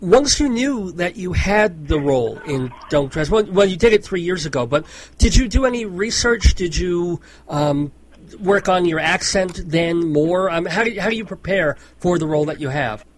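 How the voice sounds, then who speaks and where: A man's voice: sits high, expressive, moderate pace, slight background noise, poor audio. A man hosting an interview, asking questions in an upbeat, enthusiastic way. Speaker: interviewer, host. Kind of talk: casual interview.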